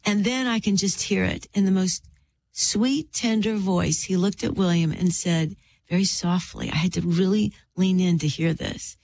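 A middle-aged woman, an author and interview guest, tells a personal faith story in an earnest, heartfelt way with drawn-out pauses and a preacherly lilt. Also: fairly low pitch, steady tone, creaky, a little mellow, a little hiss or hum.

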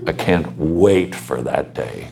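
A man's voice: rumbling low, animated, slow pace, creaky, background noise. A man giving earnest pastoral advice to students, asking his listeners questions and telling his own story. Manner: earnest, exhorting, asks the audience questions. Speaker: panel speaker.

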